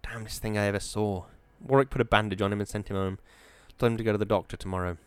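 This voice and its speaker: A man voicing a blunt, rough-spoken mill worker, telling it emphatically. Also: lowish voice, fairly even intonation, fast talker, no room sound, lightly acted. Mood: emphatic.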